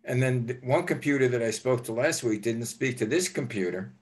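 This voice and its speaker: A man's voice: mid-range voice, brisk. An older man hosting a casual interview, telling stories in a rambling way with many restarts. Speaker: host.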